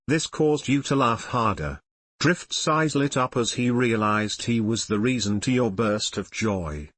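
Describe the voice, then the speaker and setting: A man reading fan fiction aloud as a story narrator in an animated storytelling manner. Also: medium pitch, a little slow, no room sound. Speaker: reader.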